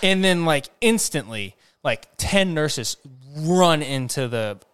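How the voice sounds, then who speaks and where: Brief: young male co-host, smooth clear voice, animated storyteller who swears a lot. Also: on the high side, slow. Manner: animated, acts out voices when excited, swears freely. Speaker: podcast co-host. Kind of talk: casual storytelling chat.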